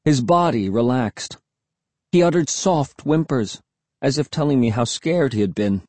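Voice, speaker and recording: A man narrates a first-person audiobook with measured, even storytelling. His husky voice sits at a middle pitch. The recording is dry and close, with no room around it. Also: no echo.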